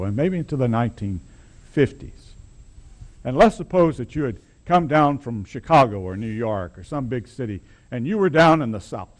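A man preaching a sermon, telling a story in a conversational, wry and emphatic way. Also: mid-range voice.

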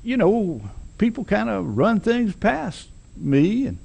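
A man's voice: high voice, very animated, takes it slowly, gravelly, darkish tone, husky, voice pushed up, full character voice. A man voicing an ingratiating older Southern male town boss, with a folksy, drawling, coaxing way of talking.

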